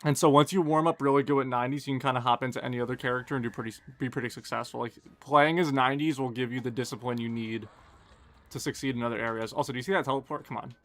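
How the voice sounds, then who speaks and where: A young man, streaming a game live and chatting casually and quickly with his viewers, joking at his own expense. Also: mid-range voice, steady tone, a bit bright. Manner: fast, casual, self-deprecating chatter. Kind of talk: live gameplay commentary and chat Q&A.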